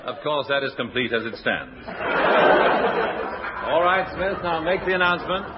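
A man's voice: on the high side, lively intonation, unhurried, over a noisy crowd. A man hosting a radio comedy sketch show with dry, wry comic delivery. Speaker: host. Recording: dull old radio recording, loud audience noise. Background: audience laughter.

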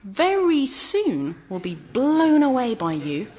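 A woman's voice: high-pitched, huge pitch swings, takes it slowly, dark tone, full character voice. An actress playing an earnest, talkative middle-aged woman, who speaks in careful, formal phrases and laughs nervously. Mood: encouraging. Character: earnest, chatty, wordy woman, over-careful with her words. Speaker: sitcom character looking after a friend's teenage son. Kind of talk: scripted sitcom acting.

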